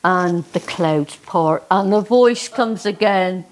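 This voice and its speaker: Slow-spoken Cornish woman storyteller. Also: fairly low pitch. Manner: slow, emphatic folksy delivery. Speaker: dialect storyteller and poet. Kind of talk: comic storytelling performance.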